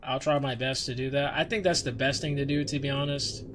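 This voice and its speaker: A young male VTuber chats casually on his livestream, rambling conversationally with frequent restarts and fillers. He has a mid-range voice, fairly even intonation and a brisk pace, with a noisy background.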